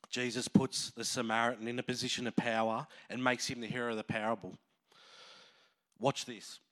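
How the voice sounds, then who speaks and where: A man preaching a sermon as a pastor, emotional and animated, acting out voices as he tells a parable. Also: mid-range voice.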